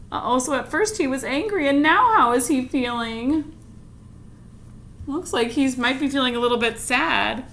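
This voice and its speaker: A woman reads a picture book aloud to children, stopping often to ask questions. Her voice is bright and swoops up and down. She takes her time over each line. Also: a little high, a little slow. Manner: animated, asks listeners questions. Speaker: read-aloud teacher. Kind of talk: storytime read-aloud for children.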